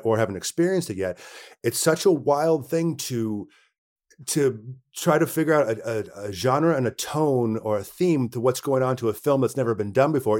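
A man, a guest actor in a relaxed interview, shares stories from set in a medium-pitched, a little mellow voice. As he narrates, he acts out the words others said to him.

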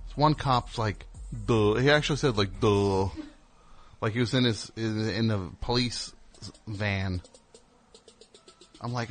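A man telling a long story on a call-in show, exasperated and acting out what other people said. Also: mid-range voice. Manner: animated, exasperated, acts out other people's lines. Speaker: caller.

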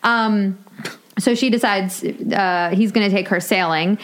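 A woman's voice: mid-range voice, measured pace. Chatty woman cohost, casual podcast talk, retells stuff with little quotes. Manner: chatty, recaps with quoted asides. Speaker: podcast co-host. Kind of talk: casual chat.

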